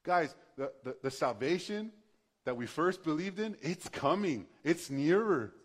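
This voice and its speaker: A man's voice: fairly high pitch, lively intonation, a little slow. A male pastor preaching a sermon in a conversational, passionate way, building to emphatic bursts.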